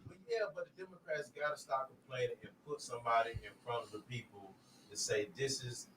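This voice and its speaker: A man on a casual podcast chat, speaking earnestly and rambling, often trailing off quietly. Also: mid-range voice, animated, fast. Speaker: podcast guest. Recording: distant mic with faint background noise.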